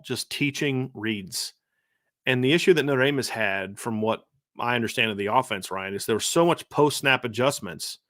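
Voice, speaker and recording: A man's voice: mid-range voice, fairly bright tone, no echo, clean studio sound. A man hosting a football podcast, giving blunt, opinionated analysis in casual chat with frequent restarts.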